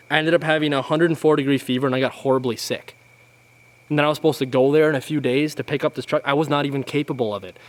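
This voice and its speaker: A man vlogging to camera, telling a frustrating story in an exasperated, rambling way with frequent restarts. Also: mid-range voice. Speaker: outdoors channel vlogger.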